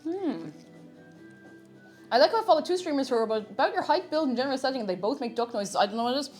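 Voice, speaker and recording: A woman's voice: sits high, lively intonation, fast talker, a little mellow, faint music behind. A young woman, chatting casually with viewers on a live cooking stream. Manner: chatty, greets viewers, makes silly animal noises.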